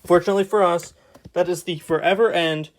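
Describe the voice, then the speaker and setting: A young man with a slightly raised pitch talks through his old childhood comics in a loose, casual way. He is sarcastic and exasperated, tossing off quick wry asides, with a faint hiss in the background. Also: steady tone. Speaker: YouTube artist.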